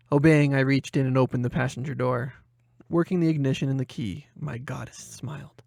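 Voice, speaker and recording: A man narrating a first-person horror short story in a measured, dramatic way, softening his voice for inner thoughts. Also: mid-range voice, fairly even intonation, vocal fry, dry recording, clean studio sound.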